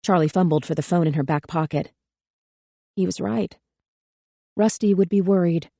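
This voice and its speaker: Measured, grave woman narrator with a darker tone, dry close studio sound. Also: fairly low pitch, vocal fry, mellow, no room sound. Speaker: audiobook narrator. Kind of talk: scripted narration.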